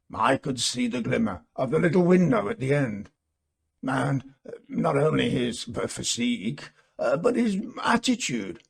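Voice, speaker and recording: A man voicing an earnest gentleman telling his friends about a ghost, in a musing, hesitant way with many fillers. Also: mid-range voice, creaky, breathy edge, heavily acted. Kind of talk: storybook reading.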